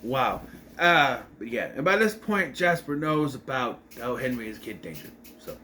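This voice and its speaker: A man's voice: mid-range voice, lively intonation, normal speed, sharp tone, slight background noise. A young man reviewing a TV episode in a casual, meandering way, often correcting himself as he talks. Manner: meandering, self-correcting, chatty. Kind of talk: casual rambling recap.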